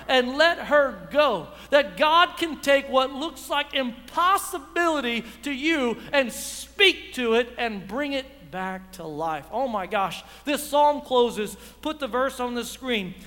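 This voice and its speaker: A man pastor preaching a lively sermon in church, acting out dialogue and building to shouts. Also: very high-pitched, big-room sound. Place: church sanctuary.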